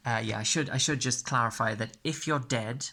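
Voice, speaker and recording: A man's voice: mid-range voice, moderate pace, sharp tone. A man explaining the rules of a game step by step. He often checks in with "okay?" and corrects himself as he goes. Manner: frequent fillers and self-corrections. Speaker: game tutor.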